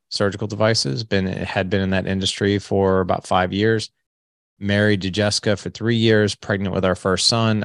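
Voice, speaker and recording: A man in his late forties shares his life story as a podcast guest. His voice is deep with a gravelly edge, and he acts out the conversations as he goes. The sound is close and dry. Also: no echo. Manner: candid, animated storyteller who acts out dialogue. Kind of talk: storytelling in an interview.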